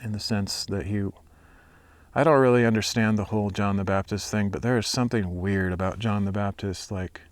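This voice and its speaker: A man's voice: lowish voice, steady tone, brisk, no echo. A young man outdoors at sunset, musing aloud about scripture with many fillers and restarts, then reading a Bible chapter aloud. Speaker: Bible reader and hiker.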